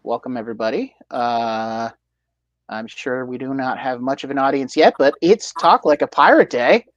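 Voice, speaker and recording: An American man co-hosting a casual livestream, speaking haltingly with many fillers and restarts. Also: mid-range voice, dry recording, lo-fi sound. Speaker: livestream co-host.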